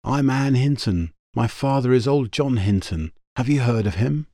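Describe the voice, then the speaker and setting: A man voicing a frightened young woman held captive, speaking quickly and breathlessly. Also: medium pitch, expressive, mellow, no room sound, clean studio sound, pitched above the performer's own voice, natural voice. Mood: urgent.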